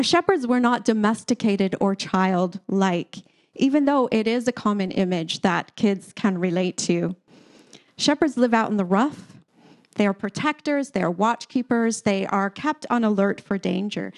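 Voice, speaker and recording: A woman pastor giving a sermon, telling a personal story in a relaxed, conversational way with occasional light laughter. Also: on the high side.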